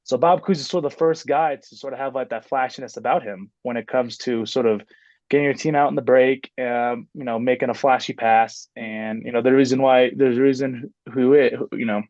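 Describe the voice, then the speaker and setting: A man's voice: medium pitch, steady tone, a little fast, a little mellow, no echo, lo-fi sound. A man in his twenties, a basketball coach, chatting casually as a podcast guest and rambling with many fillers and restarts. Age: 20s. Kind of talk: casual interview chat.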